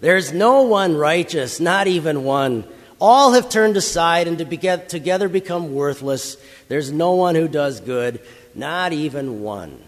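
Screaming harsh slave master, as a preacher acts him out. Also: male voice, a little high, expressive, long reverb tail. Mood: mocking. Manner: screaming slow harsh commands. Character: angry, cruel male slave master.

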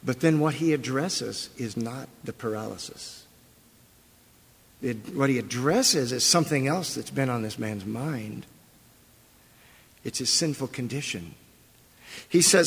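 A man's voice: mid-range voice, a little slow, creaky, pauses often, a bit bright, husky. A male pastor preaching a sermon, telling the story with animation and putting questions to the congregation. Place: church sanctuary. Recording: long reverb of a large church hall.

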